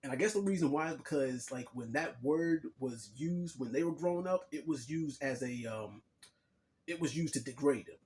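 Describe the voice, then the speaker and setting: A young adult man telling a story straight to his viewers in a relaxed, chatty way, with lots of "like" and "you know". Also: mid-range voice, normal speed, a little hiss or hum. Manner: laid-back and chatty, full of "like" and "you know"; addresses viewers directly. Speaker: vlogger. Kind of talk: casual storytelling monologue.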